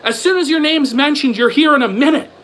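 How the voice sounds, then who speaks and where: In a very high, fairly bright voice and a slightly fast delivery, a man rants on his livestream. The audio is rough, and his commentary is combative, profane and sarcastic, full of repeated rhetorical questions.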